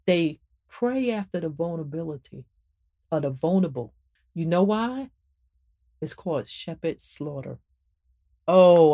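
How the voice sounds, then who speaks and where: A woman hosting a spiritual podcast and talking about her book, preaching to listeners in an animated, emphatic way and repeating phrases for emphasis. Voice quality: emphatic and animated, swings up and down in pitch. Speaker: podcast host and author.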